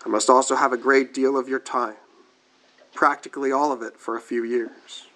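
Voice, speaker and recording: A man voicing a calm angel of life who speaks slowly and deliberately in a story told from the pulpit. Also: mid-range voice, close to an everyday voice, rough recording. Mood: solemn. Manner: slow, deliberate.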